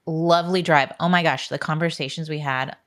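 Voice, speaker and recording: A woman with a notably low voice co-hosts a casual podcast chat. She tells stories chattily and emotionally, full of asides. She is in her forties. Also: fairly even intonation, brisk. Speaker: podcast co-host. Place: podcast studio.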